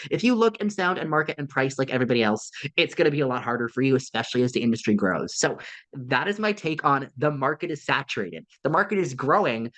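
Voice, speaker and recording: A man working as a marketing consultant, giving a live webinar presentation in a lively, conversational coaching tone that often checks in with "right?". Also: medium pitch. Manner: coaching tone with frequent "right?" tag questions.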